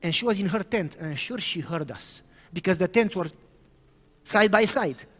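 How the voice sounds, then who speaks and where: A man's voice: high-pitched, expressive, moderate pace, a bit bright, husky. A man preaching a sermon, telling a story and often rising into sudden emphatic bursts. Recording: reverberant hall.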